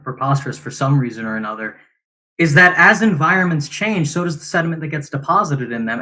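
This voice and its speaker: A man on a video call debating as a geology student, quick to contradict and careful to hedge where he is unsure. His voice is a bit high and very bright. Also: poor audio. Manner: quick rebuttals, hedging when unsure. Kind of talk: online debate argument. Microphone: video call audio.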